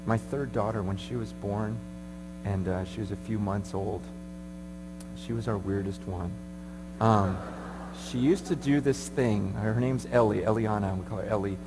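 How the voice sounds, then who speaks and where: A man preaching a sermon at a conference, moving from hushed pleading to shouting. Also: fairly low pitch. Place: large conference hall. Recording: echoey hall with mains hum.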